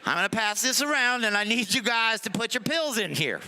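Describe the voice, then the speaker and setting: A man's voice: high voice, lively intonation, fairly quick, bright, forceful tone, slight background noise. A man doing a stand-up comedy set on a club stage, joking loosely and bantering with the crowd. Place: comedy club stage before a live audience.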